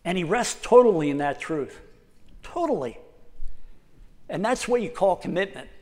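A man preaching a casual, conversational sermon, often repeating himself and reading scripture aloud slowly. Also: high-pitched, animated, long reverb tail.

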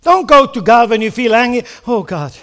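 Male pastor with a high voice, preaches an animated sermon, keeps asking the congregation questions. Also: a little fast. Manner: animated preaching with rhetorical questions and acted-out prayers.

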